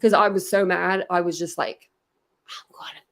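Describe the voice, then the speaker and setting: A woman's voice: on the low side, steady tone, normal speed, a bit bright. A woman hosting a casual true crime livestream from home, chatting and answering viewers' comments.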